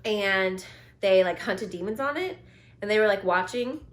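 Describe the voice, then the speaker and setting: A woman's voice: medium pitch, animated, moderate pace. A young woman casually telling spooky family stories to a camera, chatty and full of "like", laughing often. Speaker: vlogger, co-host. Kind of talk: casual storytelling.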